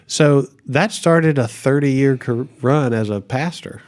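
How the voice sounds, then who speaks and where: A man's voice: medium pitch, slow pace, darkish tone. A middle-aged man and pastor telling a story in a casual interview, acting out quotes and laughing often.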